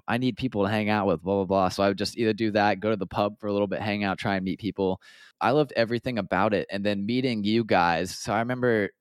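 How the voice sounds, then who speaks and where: Young american guy, low smooth voice, dry close sound, chatty and upbeat. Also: no echo. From United States. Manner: upbeat, storytelling, drops quoted asides. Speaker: podcast guest. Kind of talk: casual chat.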